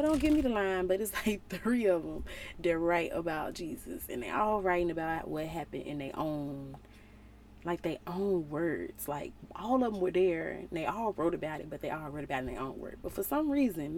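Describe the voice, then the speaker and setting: A young woman talks through a Bible passage in a relaxed, slangy way, full of playful asides. Her voice is warm and mellow, with a faint hiss of noise behind it. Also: on the low side, normal speed. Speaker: relationship vlogger. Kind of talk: casual Bible study talk.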